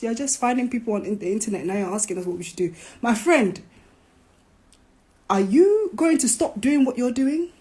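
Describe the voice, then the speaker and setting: A woman hosting a live stream, talking casually, animated and preachy, with playful jabs. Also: fairly high pitch, normal speed. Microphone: phone.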